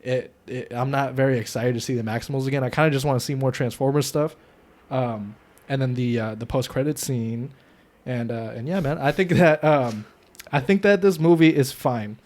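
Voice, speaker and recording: A young man co-hosting a podcast, chatting casually and profanely about a movie, getting loud when worked up. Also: mid-range voice, normal speed. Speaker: podcast co-host. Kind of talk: casual movie review chat.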